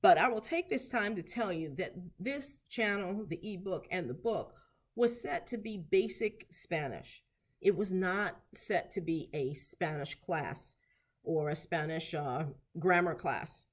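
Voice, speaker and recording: A woman therapy clinician giving an instructional lesson, patiently repeating short phrases slowly so learners can practice. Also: lowish voice, lively intonation. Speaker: therapy clinician teaching Spanish.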